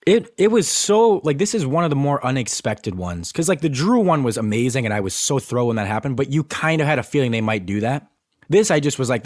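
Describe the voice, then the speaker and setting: A young man co-hosting a sports podcast, talking fast with lots of restarts and stumbles. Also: medium pitch, expressive, darkish tone, dry recording, studio quality. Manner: stumbling restarts, breathless disbelief. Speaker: podcast co-host. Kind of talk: excited sports podcast chat.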